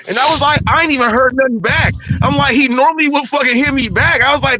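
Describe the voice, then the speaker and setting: A man with a high, bright voice rants on a livestream, swearing freely and circling back to his point. He sounds animated and keeps repeating himself. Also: fast, few pauses, slight background noise, poor audio. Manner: animated, profane, repeats himself while ranting. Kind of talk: heated livestream banter.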